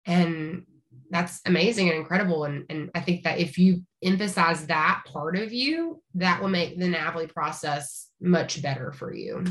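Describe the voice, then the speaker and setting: Woman from rural Tennessee, thirties, upbeat podcast guest with a crisp, bright voice. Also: fairly low pitch, normal speed. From rural East Tennessee, Appalachia. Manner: chatty, upbeat, frequent restarts and laughs. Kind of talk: casual interview chat.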